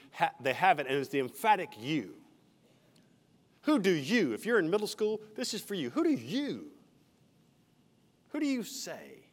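A man, a senior pastor, preaching an expository sermon verse by verse, with friendly asides to the congregation. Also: a little high. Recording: reverberant church hall.

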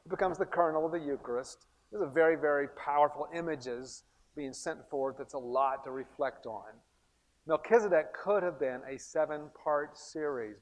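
Man, bible teacher, lively and emphatic, a bit high-voiced, lots of hall echo. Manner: animated, emphatic with frequent restarts. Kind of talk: recorded teaching series.

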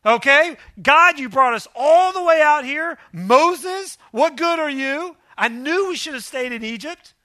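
A man's voice: very high voice, lively intonation, measured pace, few pauses, sharp tone, no room sound, clean studio sound, voice pushed up, exaggerated voice. A man voicing a grumbling Israelite in the wilderness, complaining in an exasperated way. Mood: whiny. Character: whiny grumbling crowd of Israelites, male.

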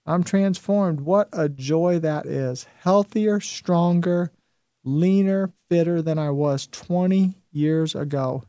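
A man's voice: on the high side, slow pace, warm tone, clear, resonant tone, dry recording, studio quality. A man in his fifties hosting a show, giving an emphatic motivational talk and repeating his key phrases. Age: 50s. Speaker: host.

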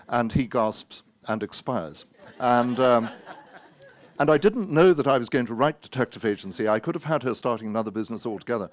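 A man, an author, giving a wry, anecdotal talk full of hesitant pauses and self-mocking asides. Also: lowish voice, dry recording.

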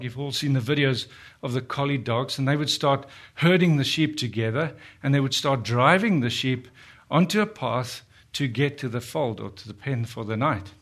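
A man delivering a sermon in an earnest, steady voice at a middle pitch. He keeps turning to his listeners with rhetorical questions. When he quotes scripture he slows right down and lets the words sit. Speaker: preacher.

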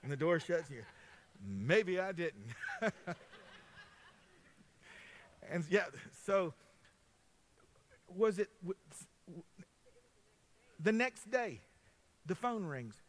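High-voiced pastor telling stories. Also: male voice, lively intonation, slow pace, long pauses. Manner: folksy, conversational, addresses congregation directly. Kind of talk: storytelling sermon.

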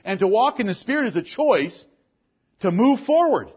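Husky high-voiced man preaching a sermon. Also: big pitch swings, moderate pace, lo-fi sound. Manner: forceful preaching, rises and drops sharply, rhetorical questions. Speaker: pastor.

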